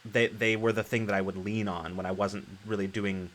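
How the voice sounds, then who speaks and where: A man hosting a casual podcast chat, speaking in a fairly low voice. He thinks aloud and circles back through his sentences as he works out his point. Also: level tone, fairly quick, fairly bright tone. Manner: reflective, thinks aloud in loose, restarting sentences. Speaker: podcast host and game master.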